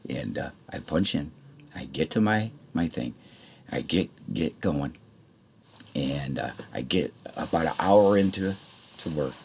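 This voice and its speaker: A man's voice: rumbling low, animated, unhurried, vocal fry, darkish tone, a little hiss or hum. A man telling a rambling, heated story in casual speech, swearing freely. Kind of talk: casual spoken anecdote.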